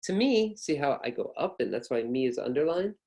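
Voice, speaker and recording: A man gives an online pronunciation lesson at a mid-range pitch. He swoops his voice up and down on purpose to demonstrate intonation. He repeats each point patiently and encourages the listener. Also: animated, brisk, mellow. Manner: exaggerates rises and falls to demonstrate intonation. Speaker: English pronunciation teacher.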